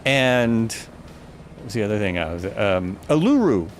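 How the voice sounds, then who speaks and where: A man's voice: fairly low pitch, very animated, moderate pace, a little hiss or hum. A man streaming a flight simulator, chatting casually and thinking aloud, often stopping to correct himself. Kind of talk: casual live gameplay commentary.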